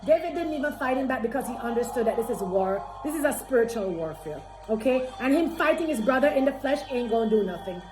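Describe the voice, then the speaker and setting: High-voiced woman preaching with force. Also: expressive, quick pace, few pauses. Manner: emphatic, repetitive exhortation addressing listeners as children. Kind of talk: sermon. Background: background music.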